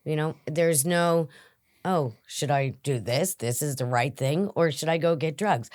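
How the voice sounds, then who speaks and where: Female interview guest, low and slow, earnest, dry close sound. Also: darkish tone, dry recording. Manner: earnest and reflective, dropping to whispers. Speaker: guest in recovery. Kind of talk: interview conversation.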